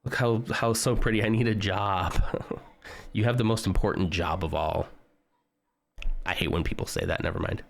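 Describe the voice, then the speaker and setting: A man's voice: sits low, steady tone, normal speed, creaky, long pauses. A man streaming live, chatting casually and joking with his viewers as he browses. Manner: chatty, joking, talks to chat while browsing.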